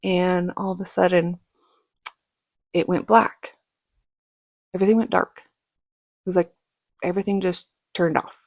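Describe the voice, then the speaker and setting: A woman vlogger telling a personal story casually, acting out quoted lines in a higher, louder voice. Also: little pitch movement, measured pace, creaky, long pauses, no room sound, studio quality. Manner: casual, many fillers like "like".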